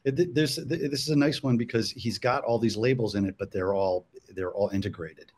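A man's voice: medium pitch, fairly even intonation, a little mellow. A man, a guest cartoonist, chatting casually on a panel, often stopping and restarting his sentences. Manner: halting, full of restarts.

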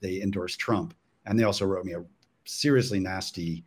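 A man's voice: sits low, fairly even intonation, husky. A man, a guest cartoonist, chatting casually on a panel, often stopping and restarting his sentences. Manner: halting, full of restarts.

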